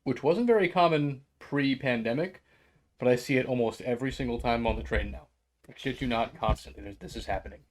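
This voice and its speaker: A man's voice: mid-range voice, fairly quick. A man from New York co-hosting a podcast, telling profane, ranting anecdotes and acting out the quotes. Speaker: podcast co-host. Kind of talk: casual chat, storytelling.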